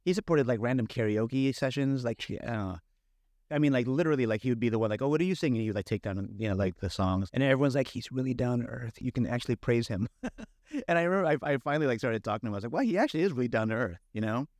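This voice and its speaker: A middle-aged man, a film director guest, telling stories in casual, animated talk full of fillers and quoted thoughts. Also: mid-range voice, quick pace, no room sound, studio quality. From San Francisco Bay Area. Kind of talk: casual conversational storytelling.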